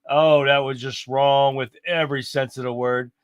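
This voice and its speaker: A man's voice: medium pitch, little pitch movement, normal speed, smooth, dry recording. A man hosting a livestream, chatting in a folksy, exclaiming way as he reacts to clips and talks to viewers. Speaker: livestream host. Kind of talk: casual livestream commentary on clips.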